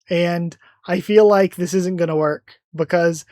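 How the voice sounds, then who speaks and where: A host talking through a live comic reaction, enthusiastic and rambling, doubling back with fillers. The voice sits at a middling pitch, and the recording is dry and close. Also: fairly even intonation, normal speed, few pauses, dark tone, no room sound.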